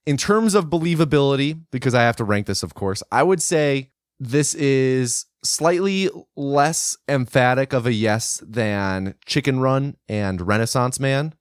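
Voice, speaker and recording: A man's voice: mid-range voice, animated, unhurried, clear, resonant tone, dry recording, studio quality. A man co-hosting a casual film podcast, laughing often and drawing out his asides. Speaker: podcast co-host.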